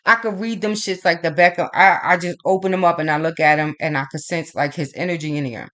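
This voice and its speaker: A woman who does astrology and tarot readings speaks quickly in a fairly low voice, monologuing casually. She's animated and profane, rambling through stories and reenacting both sides of old arguments with emphatic back-and-forth.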